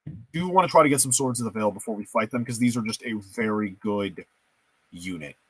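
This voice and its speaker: A man's voice: on the low side, quick pace, husky. A man giving casual let's-play commentary, thinking aloud and joking at his own expense as he makes choices in a strategy game. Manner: thinking aloud, self-mocking, playful. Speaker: gameplay streamer.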